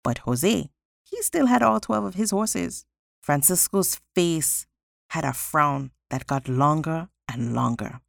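A woman reading a folktale aloud as a storyteller, expressive and sing-song. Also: low-pitched, slow pace, gravelly, dry recording, clean studio sound.

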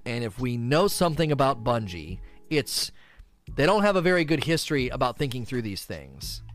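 A man streaming casual gaming commentary, answering community questions in an animated, exasperated rant with frequent repetitions. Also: medium pitch, moderate pace, faint music behind.

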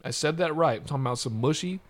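A man's voice: fairly high pitch, fast talker. A man from the United States hosting a casual podcast chat, rambling and joking with frequent laughs. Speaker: podcast host.

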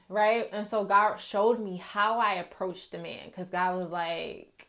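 A woman speaking candidly to her viewers about her faith and marriage, talking in loose run-on stories full of "like" and "right?", and dropping to a quieter voice when she retells her prayers. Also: on the low side, steady tone, normal speed, hardly any pauses. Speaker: faith vlogger. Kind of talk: casual testimony to viewers.

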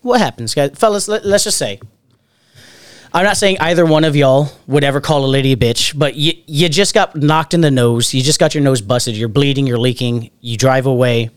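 A man's voice: mid-range voice, moderate pace, clean tone, no room sound, clean studio sound. A man telling long party stories in casual chat, swearing freely and acting out quotes. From Alabama family roots. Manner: profane, animated anecdote-telling with acted quotes. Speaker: podcast host.

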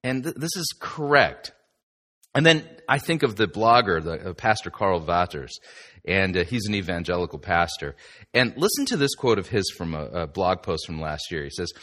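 A man's voice: fairly low pitch, animated, moderate pace, sharp tone. A male pastor giving a sermon-style teaching in a chatty, emphatic way, with asides to the listener.

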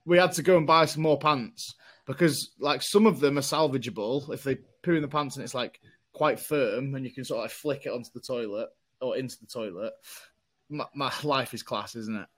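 Chatty self-mocking dad. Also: male voice, medium pitch, a little fast, fairly bright tone. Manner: chatty storyteller, self-mocking, puts on voices in anecdotes. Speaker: podcast co-host. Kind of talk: casual chat.

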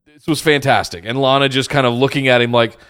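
A man's voice: mid-range voice, steady tone, fast, fairly bright tone, clean tone. A man co-hosting a podcast, chatting casually about wrestling with dry sarcasm. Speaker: podcast co-host. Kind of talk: casual wrestling recap chat.

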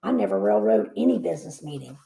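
A woman's voice: sits low, sing-song, gravelly, mellow, reverberant, voice pushed down, exaggerated voice. A woman voicing a male minister who protests he did nothing wrong. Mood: protesting. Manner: slow, protesting.

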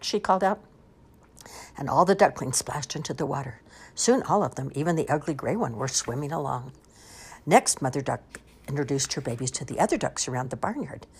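A woman reading children's storybooks aloud with lively, expressive delivery. Her low voice is a little husky, and her melody rises and falls a lot from line to line. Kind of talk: animated storybook read-aloud.

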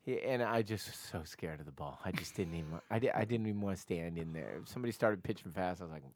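A man's voice: sits low, fast, darkish tone, no room sound. A middle-aged man co-hosting a podcast, chatting casually and rambling with self-mocking humor. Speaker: podcast co-host. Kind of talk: casual chat.

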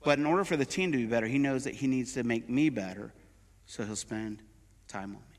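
A man's voice: mid-range voice, fairly quick. A middle-aged man, a pastor, preaching in a conversational way with everyday examples during a sermon in a church. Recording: long hall reverb.

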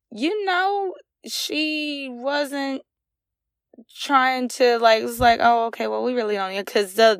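A young woman with a fairly high voice tells a personal story on her own podcast. She talks in a raw, emotional, rambling way with lots of fillers, close to the mic in a dry room with no echo. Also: fairly bright tone. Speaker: podcast host. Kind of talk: candid solo podcast monologue.

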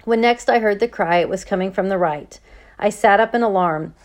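A woman narrating an audiobook chapter in a steady, unhurried reading voice. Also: mid-range voice. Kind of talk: storybook narration.

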